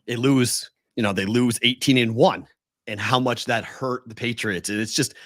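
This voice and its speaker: Male podcast co-host, mid pitch, dry close mic, excited restarts. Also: normal speed, dry recording. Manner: animated storytelling with many restarts and laughs. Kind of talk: casual sports chat. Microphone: remote video call.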